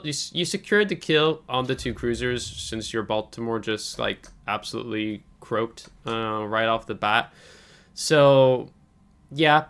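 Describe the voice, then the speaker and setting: Casual coaching of a viewer's game comes from a male channel host with a mid-range, fairly bright voice. He's thoughtful but tentative, saying um a lot, and his coughing persists.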